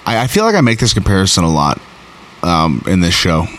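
Man, host, rambling episode recap, slightly low voice, faint noise behind. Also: fairly quick. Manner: rambling and excitable, many fillers and restarts. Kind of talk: casual episode recap and review.

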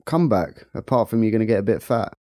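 A man's voice: fairly low pitch, lively intonation, fast talker, a little mellow, dry recording, clean studio sound. A young man with a London accent co-hosting a podcast in laid-back, jokey banter. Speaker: podcast co-host. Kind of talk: casual banter.

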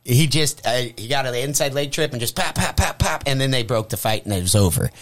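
A man's voice: mid-range voice, fairly quick, no room sound. A young adult man telling a story in casual chat, swearing freely and acting out the lines of the people in it. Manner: profane, animated storyteller acting out quotes. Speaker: comedian guest. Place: radio studio.

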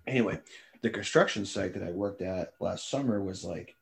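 A man's voice: sits low, moderate pace, creaky. A young man in casual chat, telling a rambling work story full of fillers and imitating his coworkers.

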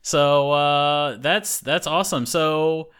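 His voice sits on the high side, clear, resonant, and fairly bright, and he talks slowly. He's a podcast host from an English-speaking country having a casual chat, rambling with plenty of fillers and restarts.

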